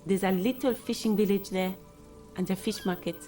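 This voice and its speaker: A woman plays a courteous dispatcher in a video game. She gives directions plainly and calmly, with faint game music underneath. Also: mid-range voice, normal speed, lightly acted. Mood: matter-of-fact. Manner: polite and matter-of-fact. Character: polite adult woman dispatcher giving directions.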